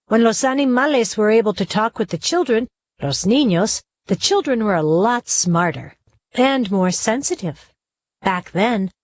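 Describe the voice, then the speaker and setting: A woman voicing a kind old grandmother who gently tells her grandson a story, in a storybook play. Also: on the high side, dry recording. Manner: gentle explaining.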